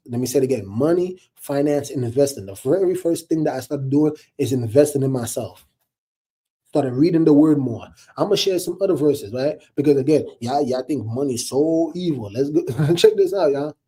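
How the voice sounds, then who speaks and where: Casual male commentator, animated, husky and dark-toned, preaching to his viewers. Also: mid-range voice. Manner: animated, addresses listeners as y'all, laughs often. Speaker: online commentator.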